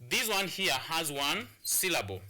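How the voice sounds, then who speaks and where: A man's voice: on the high side, very animated, unhurried, sharp tone. A man with a Kenyan English accent teaching an English pronunciation lesson, repeating and restarting phrases as he explains to students.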